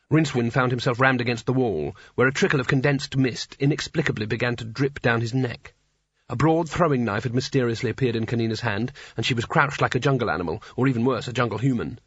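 A man doing scripted audiobook narration in a measured, wry storytelling manner. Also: mid-range voice, breathy edge, no room sound. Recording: dry, slightly dull audiobook recording.

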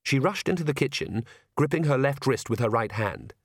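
A man reading an audiobook in a measured storytelling manner. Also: medium pitch, animated, no echo, clean studio sound. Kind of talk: audiobook narration.

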